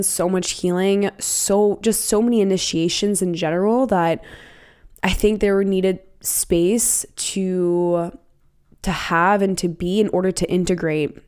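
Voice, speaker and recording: A young woman hosts her own podcast in a loose, bubbly solo chat, wandering through spiritual musings. Her voice sits a little low and sounds a bit raspy. She talks with eager, rambling warmth. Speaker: podcast host and self-healing coach.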